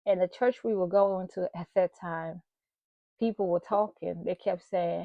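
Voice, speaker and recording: A woman's voice: fairly low pitch, fairly even intonation, a little slow, vocal fry, no room sound, lo-fi sound. A woman hosting her own channel, sharing an emotional personal testimony and talking straight to her viewers. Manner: emotional, earnest, addresses viewers directly. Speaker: channel host.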